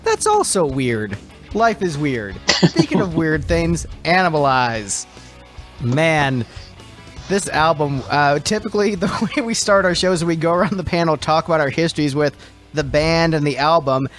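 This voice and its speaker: A man's voice: a little high, moderate pace, soft background music. A man hosting a casual podcast panel, joking, laughing often and stumbling over his words. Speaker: podcast host and band singer.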